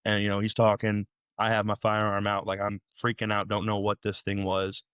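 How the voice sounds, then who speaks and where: A young man from Illinois, guest on a podcast, retelling a frightening night in an animated, rambling way with many restarts. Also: on the low side, brisk, clean tone, dry recording, clean studio sound. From Illinois, USA. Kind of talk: storytelling interview.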